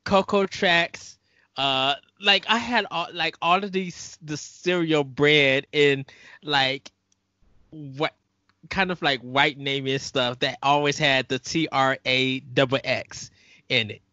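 A man's voice: fairly high pitch, fairly even intonation, takes it slowly, bright, forceful tone, dry recording, dull audio. A man from Chicago chatting casually, telling stories and acting out songs and his own thoughts. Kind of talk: casual podcast chat.

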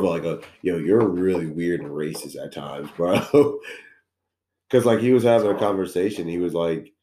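A man's voice: low-pitched, dark tone. A young man co-hosting a podcast, talking casually with friends in a laid-back way, laughing often and swearing freely. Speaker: podcast co-host. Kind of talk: casual chat among friends. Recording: echoey room.

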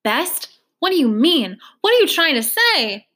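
A woman reading a novel aloud, voicing a flustered, breathy, heavyset foster mother who pleads and puffs. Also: high-pitched, animated, normal speed, a bit bright. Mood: distressed. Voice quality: breathy, puffing. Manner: pleading, distressed.

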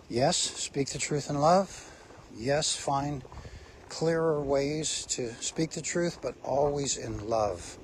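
A man's voice: medium pitch, lively intonation, slow pace, a little hiss or hum. A man preaching a sermon, speaking emphatically and asking his listeners rhetorical questions.

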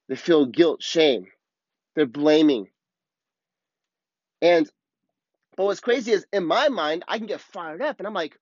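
A man's voice: on the high side, no echo. Earnest man with a dry, dull-sounding voice. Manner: earnest, animated, swears casually. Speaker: podcast host. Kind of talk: casual reflective monologue.

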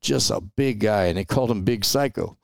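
A middle-aged man from Los Angeles tells stories as a podcast guest in a casual, animated way and often tosses in "man" and "right?". His voice sits low and has a gravelly fry, and it is recorded dry and close to the mic. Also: normal speed, dry recording. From Los Angeles, USA. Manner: animated storyteller, peppers talk with "man" and "right?". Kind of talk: casual storytelling interview.

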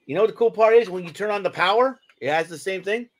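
Speaking quickly in a high-pitched voice, this man co-hosts a podcast and chats loosely as he demonstrates a gadget, rambling eagerly with lots of filler words.

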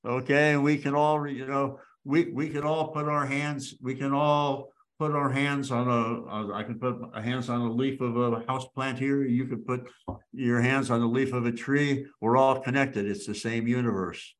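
A man's voice: medium pitch, moderate pace. Man telling a story on a video call. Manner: warm-hearted, many restarts, animated emphasis.

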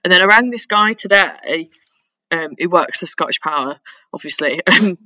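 Woman podcast host, bright voice, giggly, animated storyteller. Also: lowish voice, normal speed, no echo, rough recording. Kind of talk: casual chat.

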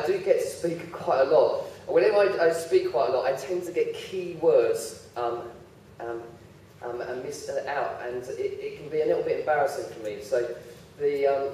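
A man's voice: mid-range voice, darkish tone, a little hiss or hum. A man giving a humorous sermon, telling self-deprecating stories about his own slip-ups. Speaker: preacher. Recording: very echoey hall, voice heard from far off.

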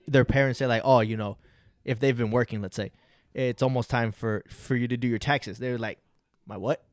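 A man's voice: mid-range voice, steady tone, a little fast, no echo, studio quality. A young man co-hosting a podcast in casual chat, laid-back and swearing freely, acting out people's lines as he talks. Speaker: podcast co-host.

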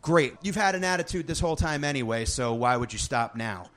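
A man's voice: medium pitch, animated, a little fast, a bit bright, lightly acted. A man voicing a rude, sarcastic young female server in a story. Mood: snippy. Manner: curt and sarcastic.

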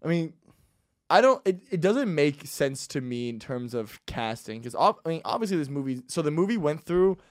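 A man's voice: a little high, sing-song, moderate pace, no room sound, clean studio sound. A man hosting a casual podcast chat, rambling loosely with plenty of fillers. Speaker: podcast host.

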